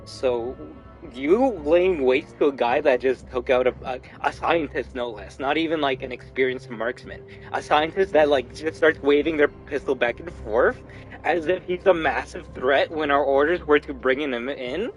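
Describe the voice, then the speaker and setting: A young man streaming a game, telling a story in an animated, profane way. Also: mid-range voice, normal speed, soft background music, poor audio. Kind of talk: casual gaming commentary.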